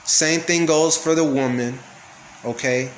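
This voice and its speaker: A man's voice: fairly high pitch, fairly even intonation, a little slow. A man teaching a casual Bible study, reading verses aloud and explaining them, often checking in with his listeners. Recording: echoey room with faint background noise.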